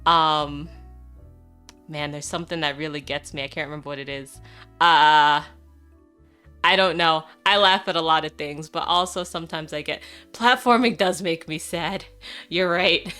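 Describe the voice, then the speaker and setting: A woman's voice: sits low, moderate pace, pushed and bright, smooth, faint music behind. A young adult woman streaming live, chatting casually and playfully, laughing often and swearing now and then. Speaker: VTuber streamer.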